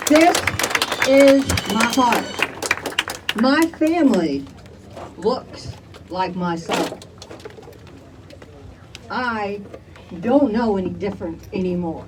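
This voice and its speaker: Speaking in a mid-range voice, an older woman from Chicago delivers emphatic, impassioned testimony at an outdoor community rally, rousing the crowd with "all right?". The mic is distant and background noise comes through.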